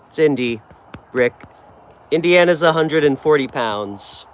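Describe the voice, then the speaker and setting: A man from New York hosts a live tarot stream with an easygoing feel, answering viewer comments in a friendly, talkative way. His voice is on the high side and expressive, a little slow, with some hiss or hum audible.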